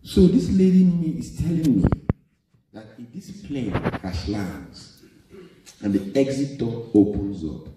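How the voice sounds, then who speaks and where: A Nigerian man with a Nigerian accent performing animated live stand-up comedy. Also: lowish voice, background noise. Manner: animated, storytelling. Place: live venue hall. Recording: echoey live hall, distant mic.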